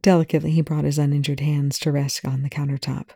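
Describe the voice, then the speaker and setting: A narrator reading fan fiction aloud with a slight lisp, measured and even. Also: mid-range voice, creaky, dry recording, studio quality.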